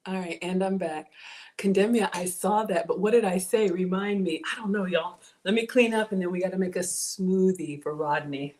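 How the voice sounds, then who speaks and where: A woman's voice: lowish voice, fairly even intonation, moderate pace, darkish tone. A woman with a Southern US accent, chatting casually with her viewers as a home cook livestreamer. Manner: chatty, addresses viewers as y'all.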